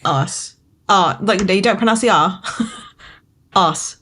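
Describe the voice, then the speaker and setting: A woman's voice: mid-range voice, slow, slight background noise. A British woman co-hosting a podcast in casual chat, giggly and playing with how words sound. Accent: British English. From Britain. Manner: giggly, animated, plays with word sounds. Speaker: podcast co-host.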